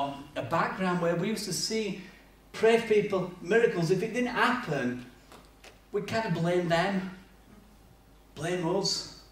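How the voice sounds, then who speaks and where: A man's voice: sits high, a little hiss or hum. A man preaching a sermon, telling stories with humor and acting out voices. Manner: lively storytelling with acted-out voices and humor. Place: church hall. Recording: echoey church hall from far off.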